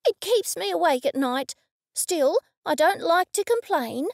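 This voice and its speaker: A woman voicing a fussy, complaining older female neighbour in a storybook reading, with a shrill, nosy, whiny manner. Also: animated, measured pace, vocal fry, a little mellow, no echo, studio quality, heavily acted.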